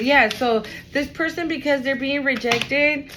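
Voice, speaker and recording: A woman's voice: a little high, steady tone, a little slow, hardly any pauses, noisy background. Slangy, chatty woman reading tarot. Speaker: tarot reader. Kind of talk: casual tarot reading vlog.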